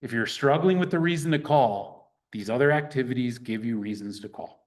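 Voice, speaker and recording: A man teaching a real estate class in a lively, conversational way, acting out sample phone calls. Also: mid-range voice, fairly quick. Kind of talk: teaching a live workshop.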